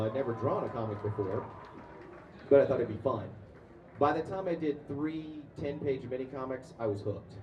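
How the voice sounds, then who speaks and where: A man's voice: medium pitch, dull audio, a little hiss or hum. Man chatting at a convention panel. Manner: chatty, with frequent fillers and restarts. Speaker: convention panelist, comics artist and voice actor. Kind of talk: casual storytelling to an audience. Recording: echoey room, far-off mic.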